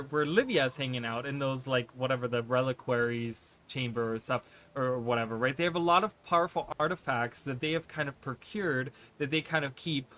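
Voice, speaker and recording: A man's voice: on the high side, pushed and bright. A man whose first language is not English, casually commenting on a game stream in a rambling way, full of fillers. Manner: rambling, many fillers and restarts.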